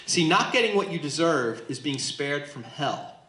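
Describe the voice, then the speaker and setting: In a church room with a roomy echo, a man leads a Bible study in a fairly high, expressive voice at normal speed, his tone bright and forceful. He teaches emphatically and keeps asking listeners questions to check in with them.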